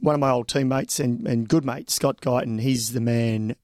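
A man, a former pro cyclist co-hosting a podcast, chatting in an animated, joking way. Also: mid-range voice, normal speed, dry recording, studio quality. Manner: animated, joking, mate-ish banter. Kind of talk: casual chat.

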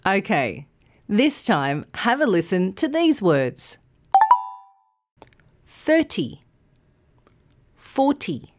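A woman, reading a scripted English pronunciation lesson slowly and clearly into a studio microphone. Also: medium pitch, darkish tone. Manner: slow, clear, carefully enunciated teaching. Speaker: English teacher.

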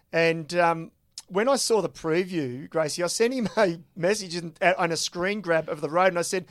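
A man co-hosting a podcast and telling a jokey story with plenty of cheeky banter. His voice sits a touch high and the sound is dry and close. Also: dry recording. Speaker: podcast co-host. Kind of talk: casual chat.

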